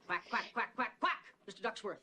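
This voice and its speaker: A woman's voice: on the high side, lively intonation, brisk, sharp tone, exaggerated voice. A woman voicing a silly cartoon duck that quacks over and over. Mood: quacking. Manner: repetitive chattering quacks.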